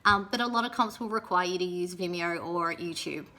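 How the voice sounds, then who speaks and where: A young woman giving chatty, casual advice in a vlog, often checking in with "yeah?" and filling pauses with "um". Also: on the low side, pushed and bright. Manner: chatty, frequent "yeah?" tag questions and ums. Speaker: pole and aerial competition vlogger.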